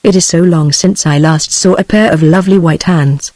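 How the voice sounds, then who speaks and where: A text-to-speech voice of a British English woman reading the lines of an ardent, half-mad outlaw poet in a flat synthetic manner. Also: low voice, moderate pace, dry recording.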